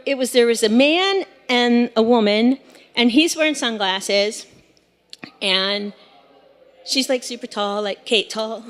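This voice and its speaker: A woman in her forties tells a story live on stage, chatty and animated with plenty of fillers. Her voice sits a bit high. The sound rings out with a long hall reverb. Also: smooth.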